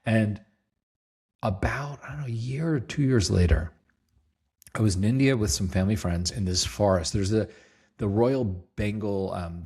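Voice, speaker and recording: A middle-aged man speaks as an interview guest with a husky, slightly low voice. He tells stories in a relaxed, lively way, acting out other people's lines and laughing easily. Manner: lively storyteller, acts out quotes, laughs easily. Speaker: guest, company CEO. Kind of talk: casual storytelling interview.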